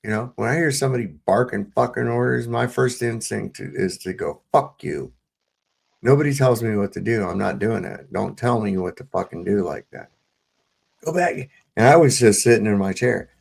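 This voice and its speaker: Gravelly low-voiced man telling a story. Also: normal speed, a little mellow. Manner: profane, rambling, with many fillers and restarts. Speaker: host of a live-stream panel show. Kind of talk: casual storytelling to a live panel.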